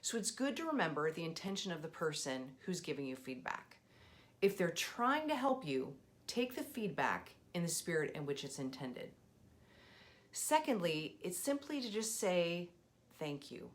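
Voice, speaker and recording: A woman leadership coach hosting a scripted video lesson, telling a personal story in an expressive, clear and measured way. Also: on the low side.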